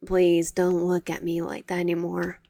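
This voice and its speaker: A woman's voice: fairly low pitch, completely flat delivery, moderate pace, creaky, mellow, no room sound. A woman voicing a possessive, tearful teenage boy classmate who pleads and clings. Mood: pleading.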